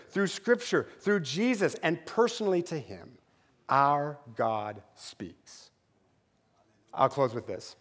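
A male pastor giving a sermon in a church, telling a story in a conversational way with asides and closing in a quiet, slow prayer. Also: on the high side. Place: church sanctuary. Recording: long church reverb.

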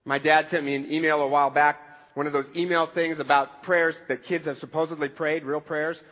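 High-voiced pastor in a reverberant hall. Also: male voice, level tone, a little fast, a bit bright, dull audio. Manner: conversational preaching with humor. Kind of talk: sermon.

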